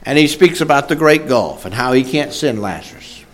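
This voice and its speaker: A man's voice: medium pitch, lively intonation, moderate pace, a bit bright. A man preaching a sermon in an emphatic cadence, with frequent filler sounds.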